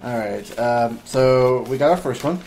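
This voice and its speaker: A young man co-hosting a casual podcast, talking quickly and joking, also reading aloud. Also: mid-range voice, a little mellow, a little hiss or hum. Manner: quick, joking, laughs often. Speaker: podcast co-host.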